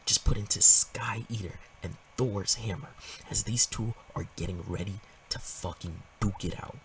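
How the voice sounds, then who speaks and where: A man giving a casual, profane, animated breakdown of a comic, sometimes dropping into whispers for emphasis. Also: on the low side, normal speed, recorded from a distance, a little hiss or hum, poor audio. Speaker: manga commentator. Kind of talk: casual in-depth comic analysis.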